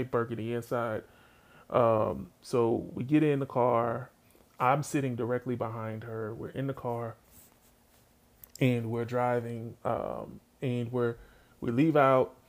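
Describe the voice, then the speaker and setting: A man spins a comic story from his childhood in loose, slangy talk, turning now and then to speak straight to his listeners. His voice has a gravelly edge and sits in a middle pitch. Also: a little mellow.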